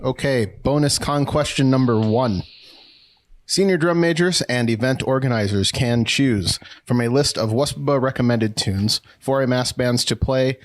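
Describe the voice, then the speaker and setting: A man reading a bonus trivia question as a guest, in a deadpan announcer delivery. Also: mid-range voice, normal speed. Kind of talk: mock-formal quiz reading.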